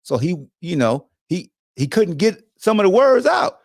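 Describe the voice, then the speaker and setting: A middle-aged man tells stories on his podcast in a loud, profane, emphatic way. His voice sits a little high for a man and swings widely up and down as he gets worked up. The sound is close and dry, with no room echo. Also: measured pace, creaky. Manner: animated, profane, emphatic storytelling. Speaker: podcast host, former football player. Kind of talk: casual monologue to a co-host.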